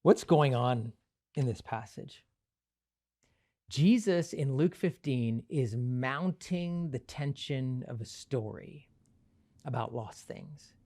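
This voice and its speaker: A man pastor telling a story in a sermon, animated, with frequent light laughs. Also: mid-range voice, slow pace. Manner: animated, laughs often, acts out quotes.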